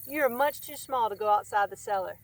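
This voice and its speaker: A woman doing a gently scolding worm. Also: mid-range voice, fairly quick, close to an everyday voice.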